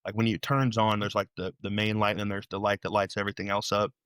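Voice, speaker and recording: Low-voiced man telling a tale. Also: quick pace, clean tone, dry recording, clean studio sound. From Illinois, USA. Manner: animated, rambling retelling with many restarts. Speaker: podcast guest. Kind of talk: storytelling interview.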